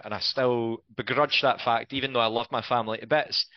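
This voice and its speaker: A man's voice: mid-range voice, fast, hardly any pauses, no echo, dull audio. A man chatting bluntly, with plenty of swearing and banter. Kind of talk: casual chat.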